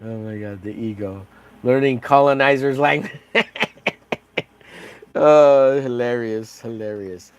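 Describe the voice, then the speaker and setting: Man, livestream painter, mid-pitch, rambling jokey chatter, self-deprecating. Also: slow pace, long pauses, smooth, no echo. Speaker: livestreaming artist. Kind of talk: casual livestream chat while painting.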